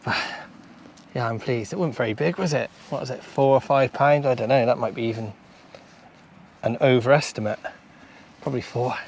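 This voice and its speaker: A British man giving chatty running commentary to viewers while fishing on a beach, excitable and talkative. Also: mid-range voice, moderate pace, creaky, pauses often, a little hiss or hum. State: out of breath. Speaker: fishing vlogger and coach. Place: outdoors on a beach. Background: faint outdoor ambience.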